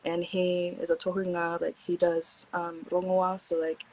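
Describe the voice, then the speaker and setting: A young woman from Hawaii, guesting on a podcast, shares stories in a laid-back, slangy way, filling with "like" and acting out quotes. Her voice is fairly low, darkish, a little slow and completely flat, and the recording quality is poor.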